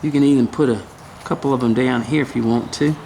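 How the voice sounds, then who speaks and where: A woodcarving instructor talks through a lesson step by step in a casual, folksy, chatty way, humming and muttering to himself as he carves. His medium-pitched voice is creaky and mellow, with fairly even intonation and a fast pace. There's slight background noise.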